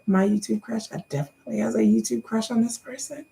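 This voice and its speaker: Gravelly-voiced chatty woman vlogger. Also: fairly high pitch, big pitch swings, fast talker, warm tone, a little hiss or hum. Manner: chatty, repeats words, addresses viewers as y'all. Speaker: YouTuber answering viewer questions. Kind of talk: casual Q&A vlog.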